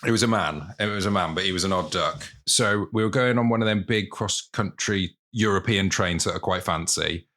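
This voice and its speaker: A man's voice: deep voice, normal speed, few pauses, pushed and bright. A man co-hosting a podcast, chatting casually with dry, teasing remarks. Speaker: podcast co-host. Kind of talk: casual chat.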